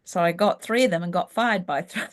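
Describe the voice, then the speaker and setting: A middle-aged woman, telling her story frankly and reflectively as an interview guest. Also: fairly low pitch. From New Zealand. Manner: frank and reflective, slows down when thinking back. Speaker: guest, leadership coach. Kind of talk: candid storytelling in a casual interview.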